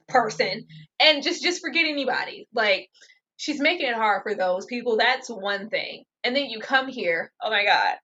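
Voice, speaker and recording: A woman's voice: fairly high pitch, sharp tone, breathy edge. A woman co-hosting a casual TV recap, ranting with exasperated emphasis. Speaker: TV recap co-host. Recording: dull lo-fi recording.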